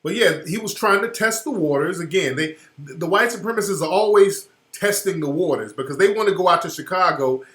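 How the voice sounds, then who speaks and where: A man's voice: sits high, lively intonation, a little fast, hardly any pauses. A man hosting a radio show, giving emphatic, slangy commentary over a video clip. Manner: emphatic, slangy, rising loud when worked up. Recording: roomy echoey sound.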